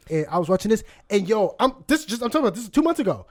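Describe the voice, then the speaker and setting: A man's voice: high-pitched, very animated, very fast. A man in his thirties co-hosting a podcast, telling rambling stories with lots of swearing and laughter. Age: 30s. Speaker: podcast co-host. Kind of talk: casual chat.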